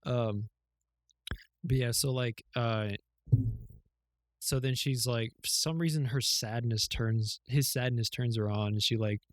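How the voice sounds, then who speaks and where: A man's voice: medium pitch, fairly even intonation, a little slow, long pauses, no room sound. A man co-hosting a podcast in casual chat, rambling through a story with many fillers, cusswords and laughs. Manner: rambling plot retelling with fillers, swearing and laughs. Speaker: podcast co-host.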